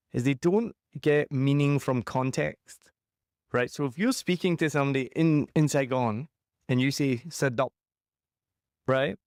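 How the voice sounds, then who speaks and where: A man's voice: mid-range voice, a little mellow, dry recording, studio quality. A man with a Scottish accent hosting a podcast interview, chatty and jokey with self-mocking asides. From Scotland. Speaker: podcast host. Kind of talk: casual interview chat.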